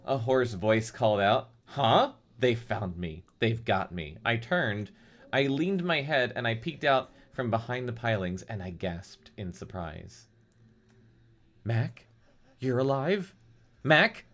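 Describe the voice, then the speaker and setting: Brief: mocking male co-host, animated pitch, wry read-aloud. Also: unhurried. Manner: sardonic, mocks the characters. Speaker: podcast co-host reading aloud. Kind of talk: comedic read-aloud with banter.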